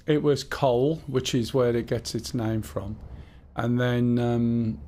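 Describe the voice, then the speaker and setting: A man's voice: medium pitch, little pitch movement, slow, warm tone. A man with a Black Country accent chatting casually and rambling to himself while he streams a game. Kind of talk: casual live-stream gaming chat.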